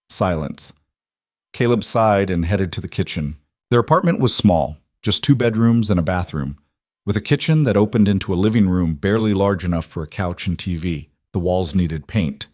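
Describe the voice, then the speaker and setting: A man narrating a story in a steady, even storytelling read. His voice sits on the low side, and the sound is close and dry, with no room echo. It suits an audiobook. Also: normal speed. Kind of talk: scripted narration.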